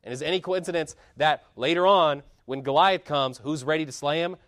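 A man preaches with fiery conviction, his fairly high voice surging to loud emphatic peaks, then sinking into low, hushed asides. The sound is close and dry, with no room echo. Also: brisk. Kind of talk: sermon.

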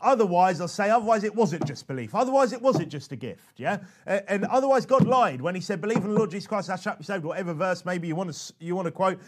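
Chatty man teaching, slightly high voice. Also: fast talker, hardly any pauses. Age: adult father. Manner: animated and chatty, with frequent restarts. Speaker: preacher teaching soul-winning. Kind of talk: conversational teaching talk.

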